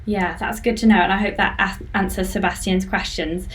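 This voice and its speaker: A woman hosting a live-streamed interview on a video call, chatty and warm in her words as she reads out viewer comments. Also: medium pitch, fairly even intonation, normal speed. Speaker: podcast host.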